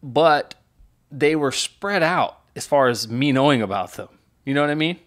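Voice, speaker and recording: Middle-aged male pastor, casual reaction host, medium pitch, talks through lyrics with lots of fillers. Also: animated, moderate pace. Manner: analytical, reads lyrics aloud and explains them, many fillers and restarts.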